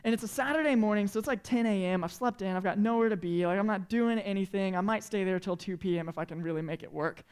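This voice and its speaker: Animated man telling a funny story. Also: high-pitched, quick pace, few pauses, clean tone. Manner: animated, chatty, acts out quotes with big swings in volume. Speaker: youth pastor. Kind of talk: humorous storytelling sermon to students.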